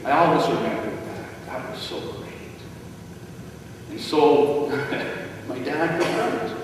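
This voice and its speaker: Man, pastor, storytelling sermon, slow delivery, long church reverb, distant mic. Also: slight background noise. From Wales. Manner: animated storytelling with big swings in pitch. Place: large church sanctuary. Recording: echoey hall, distant mic.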